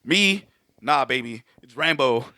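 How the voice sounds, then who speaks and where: A man's voice: medium pitch, lively intonation, unhurried, bright, forceful tone. A man co-hosting a podcast, telling stories in casual chat, swearing freely and laughing often. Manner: profane, storytelling, laughs often. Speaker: podcast co-host.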